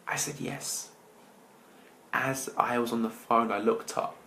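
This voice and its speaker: A man, a motivational speaker, telling his personal story to an audience with dramatic pauses, often dropping his voice to near-whispers. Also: medium pitch, fairly even intonation, gravelly, sharp tone, slight background noise, low-quality recording.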